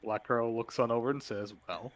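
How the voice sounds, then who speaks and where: A man narrating as game master, in a loose, relaxed way with plenty of fillers. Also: mid-range voice, moderate pace.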